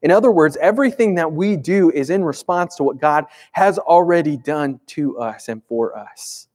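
Pastor, man, slightly high voice, chatty emphatic sermon delivery. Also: expressive, normal speed, darkish tone. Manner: conversational, emphatic, asks rhetorical questions.

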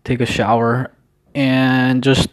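A young man speaks in a mid-range voice as he paces indoors, filming a casual daily vlog. He rambles and hesitates, drops in the odd swear word, and sounds low-key and somewhat downcast. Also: little pitch movement, slow. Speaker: vlogger. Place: indoors at home, pacing back and forth.

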